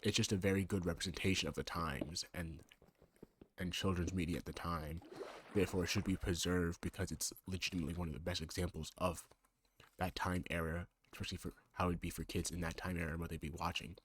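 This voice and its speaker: A man's voice: low-pitched, fairly even intonation, fast talker, slight background noise. A man in his twenties doing casual gaming commentary, rambling and sarcastic as he bickers back and forth with himself. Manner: bickers with himself in two alternating sides. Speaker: let's play creator.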